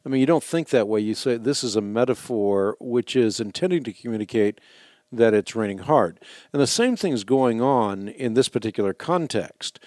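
A man hosting a call-in radio show, explaining Bible questions to callers in a measured, teacherly way. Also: mid-range voice, a little mellow, dry recording, studio quality.

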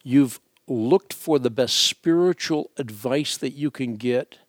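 A man's voice: mid-range voice, slow, dry recording, studio quality. A male radio host giving earnest, reassuring religious advice to a caller.

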